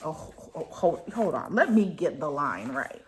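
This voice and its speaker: A woman vlogger recapping book chapters in a casual chat, excitable and gushing as she tells the story. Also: low-pitched, measured pace, a little hiss or hum.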